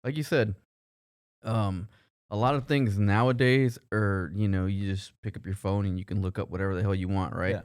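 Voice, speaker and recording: A man with a lowish, smooth voice, chatting on a podcast in a laid-back way and explaining things. He sits close to a dry mic. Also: fairly even intonation, moderate pace, a little mellow, no echo. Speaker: podcast co-host. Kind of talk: casual chat.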